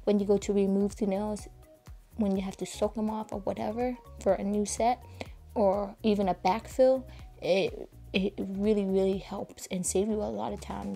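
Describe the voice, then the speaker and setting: A woman talks viewers through a nail-art tutorial in a chatty, informal way, her voice mellow and warm. She keeps it fairly hushed at times, with faint music playing underneath. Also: medium pitch. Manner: soft, hushed and breathy at times, keeping quiet for a sleeping child. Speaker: nail educator.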